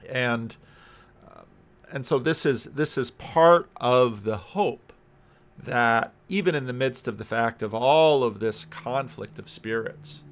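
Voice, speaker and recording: A man's voice: medium pitch, takes it slowly. A man who is a Christian minister, giving reflective video commentary and thinking aloud, often repeating words and phrases.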